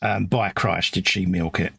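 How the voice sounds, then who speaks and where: A man's voice: deep voice, fairly even intonation, unhurried, creaky, a bit bright, breathy edge, no echo, studio quality. A middle-aged man with a London accent, telling wry stories in a casual chat while building models. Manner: wry storytelling, quotes his wife in put-on voices. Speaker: co-host of a model-building stream.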